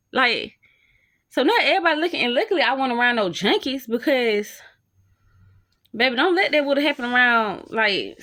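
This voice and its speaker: Animated young woman telling a story. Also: a little high. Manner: animated, slangy, talks straight to viewers. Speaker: storytime vlogger. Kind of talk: casual storytime to camera.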